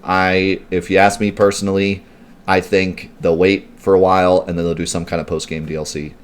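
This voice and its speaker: A man's voice: deep voice, little pitch movement, normal speed. A man streaming a video game live, chatty and rambling as he answers viewers' questions, with lots of "like" and "um". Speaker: let's play streamer. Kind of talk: live gameplay commentary.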